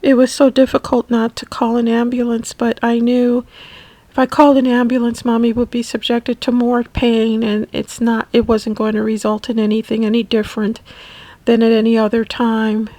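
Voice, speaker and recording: Emotional, halting woman telling her story. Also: on the high side, monotone, dark tone, no echo, low-quality recording. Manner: emotional, halting, repeats words. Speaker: family caregiver. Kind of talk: personal memoir narration.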